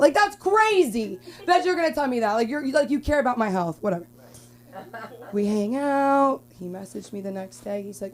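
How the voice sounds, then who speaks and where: A young woman from Los Angeles performing a rambling stand-up comedy set at an open mic, with filler-heavy talk and sudden loud outbursts. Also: mid-range voice, animated, moderate pace.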